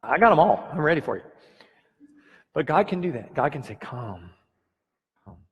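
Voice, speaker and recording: A playful pastor preaching and chatting with his congregation from the stage. His voice sits a little high and sounds husky. A long reverb from the church hall trails behind every phrase. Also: sing-song, brisk, muffled recording. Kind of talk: sermon.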